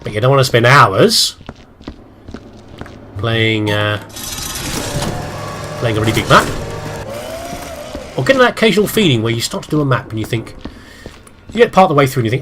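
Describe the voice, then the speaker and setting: Chatty British man with a lively voice. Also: mid-range voice, fairly quick, pauses often, a little hiss or hum. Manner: chatty, self-deprecating, talks to himself while playing. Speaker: let's play host. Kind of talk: rambling gameplay commentary.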